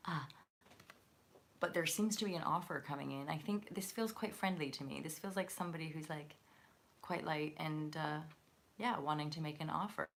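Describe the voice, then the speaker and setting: A woman with a somewhat low, gravelly voice reads tarot cards on a live stream. She is chatty and effusive, with lots of fillers and restarts. The sound is close to the microphone. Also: moderate pace. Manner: chatty and effusive, many fillers, laughs often. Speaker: tarot reader and channel host.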